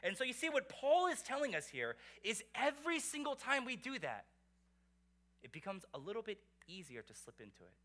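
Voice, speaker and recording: A man preaching a sermon as pastor, animated and conversational, asking the congregation rhetorical questions. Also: very high-pitched, fairly quick.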